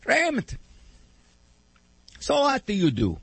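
A man's voice: very high voice, huge pitch swings, slow pace, gravelly, slightly rough, no room sound, pitched above the performer's own voice, exaggerated voice. A man voicing his elderly Italian immigrant grandfather with a broken Italian accent, asking puzzled questions. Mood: curious. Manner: baffled, questioning.

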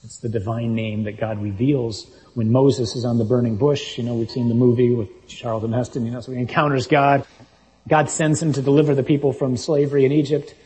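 A male preacher delivering a sermon, driving home each point with emphatic reasoning. His voice is mellow and warm, and he sits in the middle of the usual male pitch range. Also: little pitch movement, brisk, rough recording. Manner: emphatic, reasoning, reads scripture aloud.

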